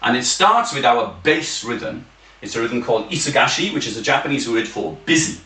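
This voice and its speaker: A man teaching an online taiko drumming class, encouraging the group and counting beats out loud with shouts. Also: mid-range voice, very animated, moderate pace. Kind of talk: online group music lesson. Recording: echoey room, slightly distant mic, drums behind. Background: taiko drums.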